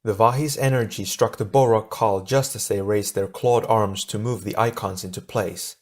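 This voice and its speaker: A man narrating an adventure audiobook in a steady, measured storytelling voice. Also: on the low side. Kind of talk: scripted narration.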